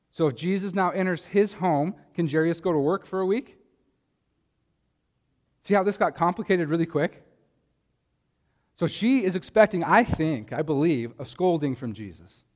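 A man's voice: on the high side, expressive, normal speed, pauses often, big-room sound. A man preaching a sermon, talking in a conversational way and asking his listeners rhetorical questions. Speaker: pastor.

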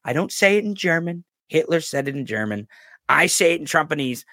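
A man's voice: a little high, animated, brisk, bright, forceful tone, no room sound, studio quality. A man doing a mocking impression of a boastful older male politician, bragging in an exaggerated way.

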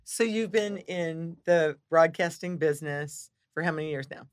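A man hosting a podcast in a studio, asking his guest relaxed, unhurried questions. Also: on the high side, no room sound. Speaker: podcast host. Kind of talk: podcast interview.

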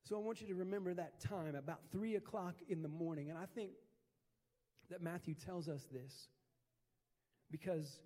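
A male pastor preaching in a chatty storytelling way, dropping casual slang into his sermon. His voice sits high for a man and carries a long reverb from a large hall. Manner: conversational, animated storytelling with slang.

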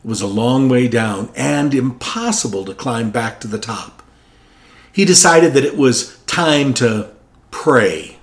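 A man's voice: medium pitch, slow pace. A male Catholic priest reading the Gospel and preaching a Sunday homily in a conversational, candid way.

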